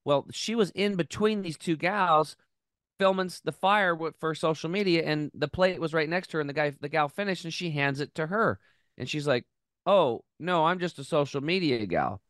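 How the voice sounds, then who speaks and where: A man hosting a health podcast, earnestly telling an emotional story in a close, animated way with many restarts. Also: a little high, moderate pace, clear, resonant tone, no echo. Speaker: podcast host.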